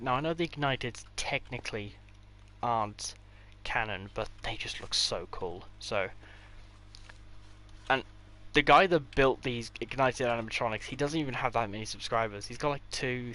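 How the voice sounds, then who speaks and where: A man's voice: medium pitch, moderate pace, sharp tone, slight background noise. A man giving a casual, rambling tour of his game builds, with offhand delivery and dry sarcastic asides. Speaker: gaming creator.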